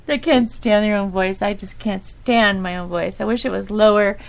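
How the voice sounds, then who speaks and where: A middle-aged woman hosts her own podcast solo, rambling casually in a girlish, sometimes whiny voice, laughing often and putting herself down. Her pitch is medium, her intonation fairly even, her speed normal, and her tone gravelly.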